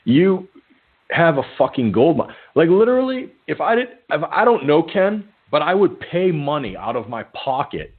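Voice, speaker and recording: A man with a husky voice and lively, swinging pitch co-hosts a talk show, talking in a profane and animated way. His voice comes through thin and tinny, like a phone call. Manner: profane, animated, self-mocking troll. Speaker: podcast co-host. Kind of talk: casual chat. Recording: tinny phone-line audio.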